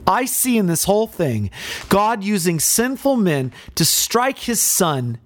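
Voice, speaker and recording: A man's voice: sits high, sing-song, unhurried, dry recording. A male preacher giving a dramatic sermon, asking rhetorical questions and speaking directly to his listeners.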